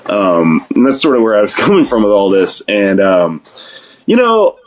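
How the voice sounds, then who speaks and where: A man's voice: on the low side, wildly swooping pitch, moderate pace. A man talking loosely on a podcast, rambling and swearing, with frequent laughter. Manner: rambling, profane, laughs often. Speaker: podcast guest. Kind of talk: casual podcast conversation.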